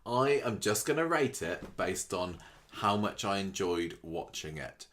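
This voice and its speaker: A man's voice: low voice, lively intonation, a little slow, a bit bright. A man, co-hosting a podcast in casual chat, rambling with hesitant restarts and teasing his co-host.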